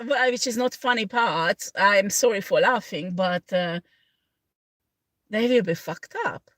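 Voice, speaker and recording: A woman tarot reader chatting casually on a livestream, rambling in halting second-language phrasing and often breaking into laughter. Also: mid-range voice, a bit bright, no room sound.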